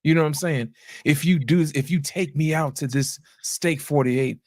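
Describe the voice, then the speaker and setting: A man's voice: fairly high pitch, moderate pace, darkish tone, dry recording, studio quality. A man hosting a casual group discussion, laid-back, often checking in with "you know what I'm saying". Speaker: host.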